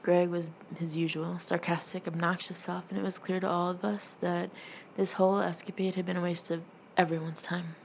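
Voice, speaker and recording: A woman narrating a first-person memoir as an audiobook, with wry, deadpan humor. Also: lowish voice, normal speed, gravelly, muffled recording, a little hiss or hum.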